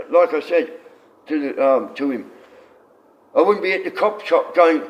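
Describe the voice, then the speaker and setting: A man's voice: high-pitched, normal speed, low-quality recording. Rambling, foul-mouthed man. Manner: rambling, swears freely. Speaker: livestreamer. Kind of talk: casual livestream chat.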